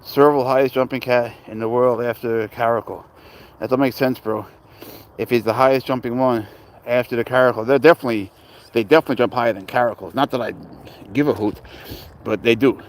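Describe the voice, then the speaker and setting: A man's voice: mid-range voice, fairly even intonation, brisk. A young man hosting a casual home livestream, rambling and joking, greeting viewers by name. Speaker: livestream host and serval cat owner. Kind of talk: casual livestream chat reading viewer comments. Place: home, indoors.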